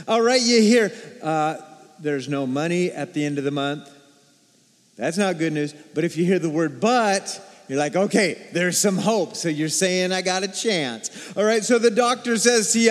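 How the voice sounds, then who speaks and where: A man with a notably high voice preaches to his congregation in a church sanctuary. He is energetic and keeps prompting them to answer back. His voice trails off into a long reverb from the hall. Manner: energetic, call-and-response with congregation. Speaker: pastor. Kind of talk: sermon.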